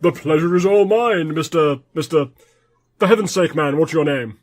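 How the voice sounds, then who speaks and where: Man doing a pompous vain actor, theatrical, exasperated, slightly high voice, sketch comedy. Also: normal speed, close to an everyday voice. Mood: grandiose. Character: pompous vain old stage actor, male.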